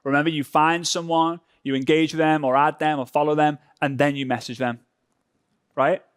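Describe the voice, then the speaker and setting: Male workshop co-host from Europe, chatty and loose, fairly high voice, dry close sound. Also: fairly even intonation, normal speed, clear, resonant tone, dry recording. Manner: chatty, loose, with many restarts. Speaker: workshop co-presenter. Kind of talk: live workshop demonstration.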